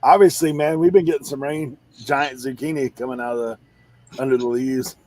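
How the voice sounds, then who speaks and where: A man's voice: mid-range voice, fairly quick, poor audio. A man chatting casually about reselling, telling stories and laughing often. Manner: laughs often, animated storytelling.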